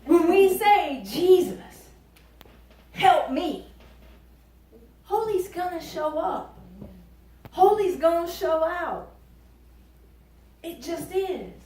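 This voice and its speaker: A woman preaching a lively sermon, emphatic and folksy, joking and dropping into quiet asides. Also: extremely high pitch, drawn-out words, long pauses. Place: church sanctuary. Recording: echoey church from far off.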